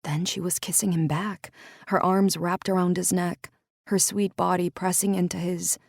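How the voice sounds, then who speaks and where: Low-pitched lady reading a romance novel, dry close sound, measured. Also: flat delivery, creaky, no echo. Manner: measured, intimate storytelling. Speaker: audiobook narrator. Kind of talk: scripted romance narration.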